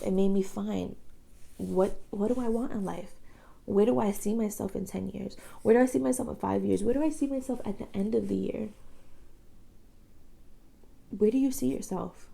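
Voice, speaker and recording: A woman's voice: mid-range voice, gravelly, a little mellow, low-quality recording. A woman of thirty talking earnestly to camera as a beauty vlogger, with lots of "like" and repeated phrases. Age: 30s. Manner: earnest, repetitive, fillers like "like". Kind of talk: emotional personal talk to camera. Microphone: camera mic, facing camera.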